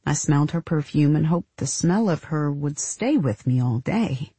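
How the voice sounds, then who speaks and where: A woman narrating literary fiction in a measured, deadpan way, with a husky voice. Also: sits low, dry recording.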